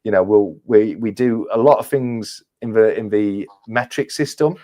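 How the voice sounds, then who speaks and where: A man's voice: on the low side, normal speed, warm tone. A man from England with an English accent that has some northern influence, chatting casually as a guest on a livestream panel, laughing often and restarting his sentences. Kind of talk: casual chat.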